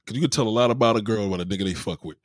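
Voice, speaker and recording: A man with a fairly low voice hosts a casual chat, talking very fast in a dry, studio-quality recording. He tells animated, profane stories and mimics the voices of the people he quotes.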